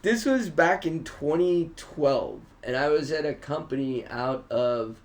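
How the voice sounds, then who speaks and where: A man, a comedian guest, telling animated, profane stories in a casual studio podcast chat. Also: fairly high pitch, measured pace. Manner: animated storyteller, swears often.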